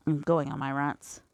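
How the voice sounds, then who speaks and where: Young woman, casual rant, heavy swearing, heated, storytelling. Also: sits low. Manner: profane, heated ranting. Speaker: fan reader.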